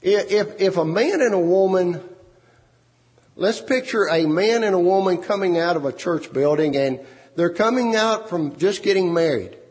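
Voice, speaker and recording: A man's voice: high-pitched, moderate pace, a little mellow. A man preaching a sermon, repeating words and phrases for emphasis. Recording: long hall reverb.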